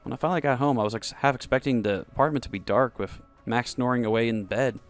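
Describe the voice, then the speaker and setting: A young man narrating a first-person romance story in a soft, intimate way. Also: medium pitch, fast talker. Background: faint background music.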